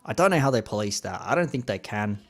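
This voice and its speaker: A man's voice: lowish voice, lively intonation, quick pace. A man in his thirties with an Australian accent, hosting a laid-back, rambling live-stream chat in plain slang.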